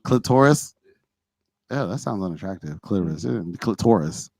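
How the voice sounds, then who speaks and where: Animated man. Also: on the low side, normal speed, vocal fry, no echo. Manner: animated, rises to shouting when teased. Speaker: podcast co-host; teacher. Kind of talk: casual banter.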